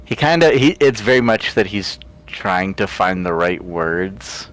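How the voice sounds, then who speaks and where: Male player, lowish voice, halting and amused while he narrates his character. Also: animated, fairly bright tone, low-quality recording. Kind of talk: tabletop role-play, in character.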